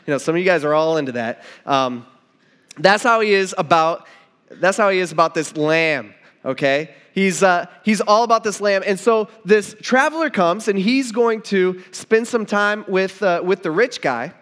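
Speaking at a moderate pace in a high, somewhat bright voice, a man preaches a sermon conversationally. He retells a story, performs its dialogue, and restarts his sentences often.

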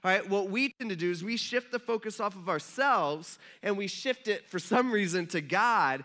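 A man's voice: high-pitched, lively intonation, normal speed, few pauses, bright, forceful tone. A man, a pastor, giving a conversational, joking sermon in a church and asking the audience questions.

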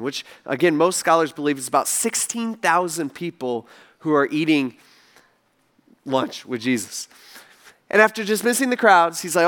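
Young male pastor, casual storytelling sermon, higher voice. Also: normal speed. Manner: conversational, animated storytelling.

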